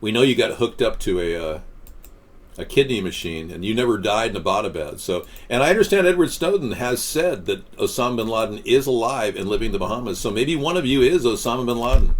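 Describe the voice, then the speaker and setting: A man's voice: fairly low pitch, lively intonation, fast talker. A man hosting a casual political chat show, rambling and sarcastic as he reads viewer comments. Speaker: host.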